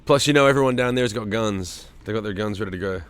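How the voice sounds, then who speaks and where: A middle-aged streamer hosts a relaxed livestream from home, reading comments, greeting viewers by name, and cursing freely. He speaks fast in a fairly low voice, with a little hiss or hum in the audio.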